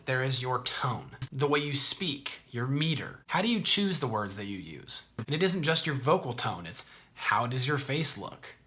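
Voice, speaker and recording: A man hosting an explanatory video, talking in a conversational, clear way. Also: medium pitch, pushed and bright. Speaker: host.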